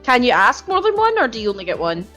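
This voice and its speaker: A young woman chatting and joking through a game session, giggling often. Her voice sits slightly high, with faint background music. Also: wildly swooping pitch, quick pace, bright, forceful tone. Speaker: let's play co-host. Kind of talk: casual chat.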